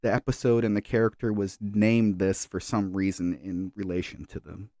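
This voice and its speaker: A man co-hosts a casual podcast chat, rambling along with plenty of fillers and restarts. His voice sits fairly low and stays level at a moderate pace, with a slightly mellow quality. The recording is dry, with clean studio sound.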